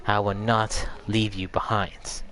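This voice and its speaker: A man's voice: lowish voice, level tone, takes it slowly, fairly bright tone, a little hiss or hum. Brief: a determined young woman, earnest and firm, a man quoting her in his own voice. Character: determined young woman refusing to leave a friend.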